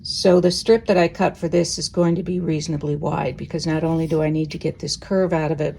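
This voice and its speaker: A woman teaching quilting in a relaxed, chatty way, thinking aloud as she sews. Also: fairly low pitch, vocal fry, husky. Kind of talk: casual sewing tutorial.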